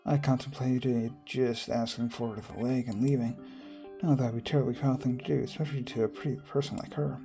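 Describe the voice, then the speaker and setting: A man's voice: mid-range voice, fairly even intonation, brisk, gravelly, mellow, soft background music. A man reading a visual novel aloud, sometimes stumbling over words and making wry asides about the game.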